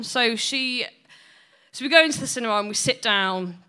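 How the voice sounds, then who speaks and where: A woman's voice: on the high side, normal speed, bright, forceful tone, clear, resonant tone. A woman doing blunt, sweary, self-mocking stand-up storytelling. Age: 20s. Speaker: stand-up comedian.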